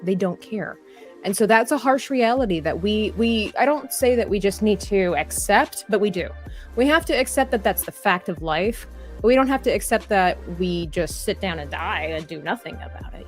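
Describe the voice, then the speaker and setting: Earnest woman chatting on a drawing stream. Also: mid-range voice. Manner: earnest, rambling, restarts, reads chat comments aloud. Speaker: livestream artist host. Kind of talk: casual livestream chat while drawing. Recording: faint background music.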